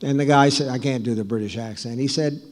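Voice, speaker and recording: A man in his sixties tells stories on stage in a relaxed, anecdotal way, with dry self-deprecating humor and plenty of restarts. His voice sits at an ordinary middle pitch. The recording carries the long reverb of a large hall. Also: fast. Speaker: author speaking to an audience. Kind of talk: live storytelling talk.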